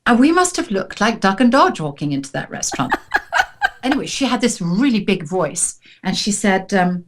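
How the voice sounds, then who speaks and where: Animated woman telling a story. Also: mid-range voice, normal speed. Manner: animated storytelling, laughs often. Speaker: co-host. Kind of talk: casual chat.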